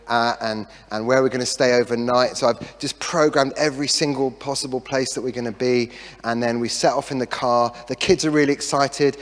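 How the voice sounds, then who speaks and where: Middle-aged pastor with a chatty, joking sermon. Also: male voice, medium pitch. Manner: chatty, self-deprecating humour, lively asides. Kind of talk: sermon with storytelling. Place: church hall. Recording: long reverb of a church hall.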